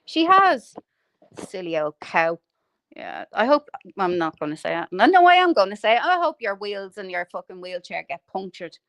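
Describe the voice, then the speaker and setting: A woman's voice: medium pitch, very animated, normal speed, fairly bright tone, no echo. A woman hosting a livestream, ranting in a foul-mouthed, mocking way and laughing at her own insults. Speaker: livestream host.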